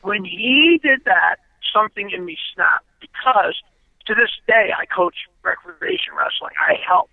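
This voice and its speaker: A high-pitched, gravelly man tells his story bluntly, swearing and pressing each point as an interview guest. The sound comes through a thin, tinny phone line, dry with no room echo. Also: wildly swooping pitch, unhurried. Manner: blunt, profane, emphatic storyteller. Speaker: interview guest, former pro wrestler.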